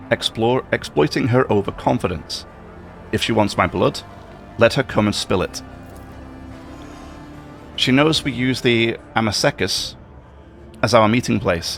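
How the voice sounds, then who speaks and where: Scheming male conspirator, persuasive and cold, read out by a man in a gravelly, lowish voice. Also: fairly bright tone. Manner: reads game dialogue aloud in a level tone.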